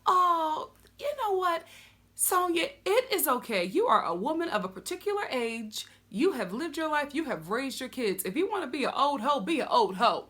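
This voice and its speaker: Woman, comedic TV recap host; high, lively, bright voice; sassy and quick to laugh. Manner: sassy, animated, laughs often.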